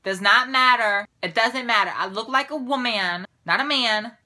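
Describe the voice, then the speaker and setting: A woman's voice: on the high side, normal speed, pushed and bright. A young woman ranting in a casual vlog to her camera, sassy and exasperated, with a mocking edge. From Puerto Rico. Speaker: vlogger.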